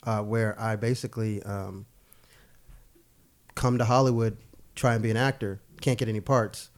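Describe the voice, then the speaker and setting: A man's voice: lowish voice, steady tone, normal speed. A young man, a podcast guest, telling stories in casual chat, laughing and swearing freely.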